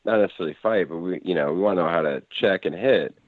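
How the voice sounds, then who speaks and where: A low-voiced man tells a rambling story, full of fillers and restarts, acting out other people's lines. The sound is tinny and phone-like and completely dry, with no room around it. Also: fast talker, dry recording. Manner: rambling, lots of fillers and restarts, acts out quotes. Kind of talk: casual storytelling.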